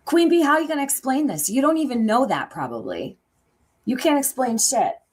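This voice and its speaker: A woman's voice: high voice, very animated, brisk, slightly rough. A middle-aged woman hosting a reaction commentary, speaking bluntly and angrily with lots of swearing and sarcastic quoting. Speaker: commentary channel host.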